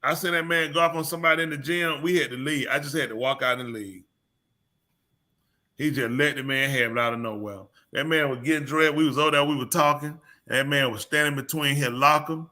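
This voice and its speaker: A man co-hosting a live call-in show, telling stories in casual banter with loud bursts of laughter. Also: a little high, fairly quick. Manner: animated storytelling with loud laughs. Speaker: co-host.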